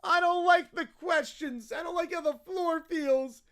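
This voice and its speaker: A man voicing an entitled little boy throwing a whining, yelling tantrum. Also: very high-pitched, a little slow, exaggerated voice.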